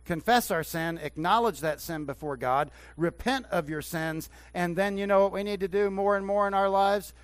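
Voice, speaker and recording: A man preaching a sermon as pastor in a church, swinging between hushed talk and loud emphatic preaching. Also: high voice, moderate pace, few pauses, clean tone, no room sound. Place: church sanctuary.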